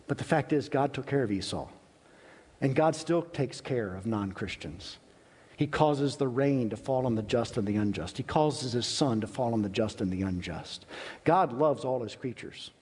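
A male pastor preaching a sermon in an earnest, emphatic way, with long pauses. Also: medium pitch, a little mellow, husky. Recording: reverberant hall.

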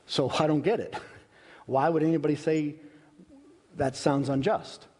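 Male preacher, slightly higher voice, unhurried and emphatic sermon delivery. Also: fairly even intonation, a little mellow. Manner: earnest, emphatic preaching with long pauses. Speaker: pastor. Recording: reverberant hall.

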